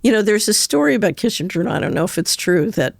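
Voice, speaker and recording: A woman's voice: medium pitch, expressive, fast, gravelly, dry recording, clean studio sound. An older woman, a guest on an interview show, telling anecdotes in a chatty way and laughing through her stories. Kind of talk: conversational storytelling interview.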